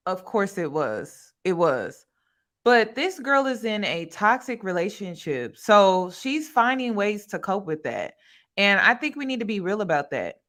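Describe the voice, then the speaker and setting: A woman's voice: medium pitch, big pitch swings, unhurried, fairly bright tone. A woman hosting a reaction video, speaking candidly and directly to her viewers. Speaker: commentary host. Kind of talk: reaction commentary.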